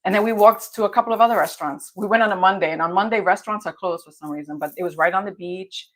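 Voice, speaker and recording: A woman's voice: medium pitch, fast. A middle-aged woman from the Bronx, a guest travel expert chatting casually and laughing easily. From the Bronx, New York. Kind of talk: casual interview chat.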